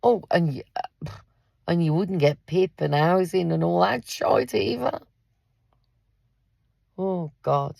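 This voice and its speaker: Gravelly, husky woman in her fifties. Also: lowish voice, slow pace, long pauses, mellow, no echo. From England. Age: 50s. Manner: blunt, swears freely, addresses listeners directly. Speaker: parent and carer. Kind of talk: angry vlog rant. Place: in a car in a car park.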